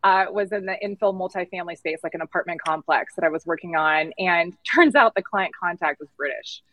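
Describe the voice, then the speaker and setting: A middle-aged woman, a podcast guest, telling her career story in a candid, animated way. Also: fairly low pitch, a little fast, rough recording. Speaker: podcast guest, agency founder. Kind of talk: casual interview storytelling.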